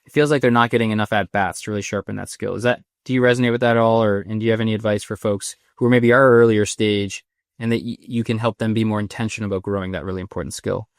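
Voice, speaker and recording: A man's voice: on the low side, fairly even intonation, quick pace, no echo, clean studio sound. A man in his thirties hosting a podcast interview, chatty and rambling, with many restarts in his questions. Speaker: podcast host. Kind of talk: conversational interview.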